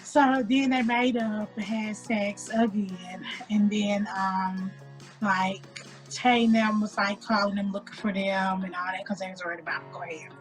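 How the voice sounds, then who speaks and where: A woman co-hosting a casual podcast, retelling a story with lively, emphatic acted-out dialogue. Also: mid-range voice, measured pace, soft background music. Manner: animated, acts out quoted dialogue with emphatic rising lines. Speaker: podcast co-host.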